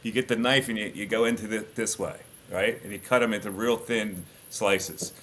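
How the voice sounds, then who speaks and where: The voice is a middle-aged man's, on the low side, at a moderate pace. A onetime sports radio host, he swaps blunt stories in a casual podcast chat, animated and prone to frequent restarts.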